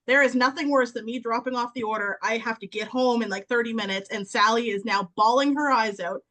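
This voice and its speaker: Animated storytelling woman in her thirties. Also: fairly high pitch, a little fast. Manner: animated storyteller, acts out quotes, laughs often. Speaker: podcast guest, sales consultant. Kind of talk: casual podcast chat.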